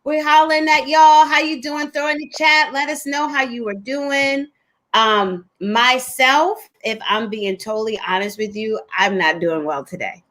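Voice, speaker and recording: A woman hosting a live-streamed talk show, speaking candidly and conversationally with slow, drawn-out pauses. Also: high voice, fairly even intonation, fairly bright tone. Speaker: host.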